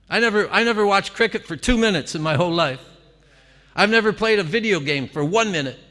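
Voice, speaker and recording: A man with a fairly high, bright, forceful voice delivers an animated devotional talk to a gathering. He speaks with lively exclamations and easy laughter. His words ring out with a long reverb in a temple hall.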